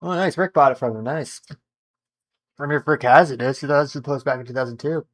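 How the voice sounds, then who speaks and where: A man's voice: medium pitch, brisk, a bit bright. A man chatting casually while gaming on a stream, swearing a lot and calling people dude. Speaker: gamer on a stream.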